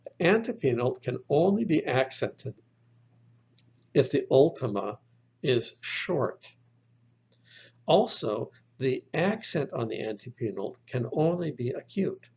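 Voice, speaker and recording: A man teaching biblical Greek in a slow, methodical lesson, spelling out letters one by one and correcting his own slips. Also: mid-range voice, very animated, a little mellow, husky. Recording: dull lo-fi recording.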